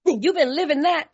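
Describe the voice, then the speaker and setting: A woman from California shares her recovery story with a slightly high voice, laughing often and talking in a loose, colloquial way. The sound is a bit muffled and lo-fi. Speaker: recovery meeting speaker.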